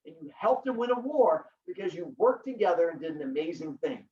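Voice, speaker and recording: A man voicing Aesop as a patient, coaxing teacher, a little higher than his own voice. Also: very animated, a little fast, a little mellow, muffled recording, a little hiss or hum. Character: Aesop, patient old male storyteller and teacher.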